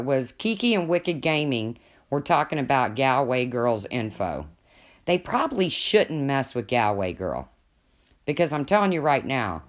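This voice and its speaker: Low-voiced gossipy woman on a live stream. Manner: gossipy, talks to viewers and pets. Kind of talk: casual live stream chat.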